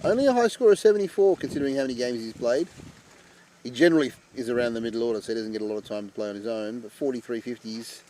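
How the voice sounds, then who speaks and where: A man giving chatty live commentary on an amateur cricket match. He breaks into loud excitement at wickets. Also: medium pitch, fast, slight background noise.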